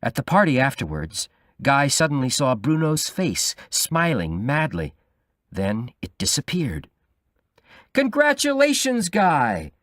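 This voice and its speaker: In studio-quality, dry audio, a man reads a graded-reader novel aloud from a script. His mid-range voice keeps a steady, measured storytelling pace, as an audiobook narrator.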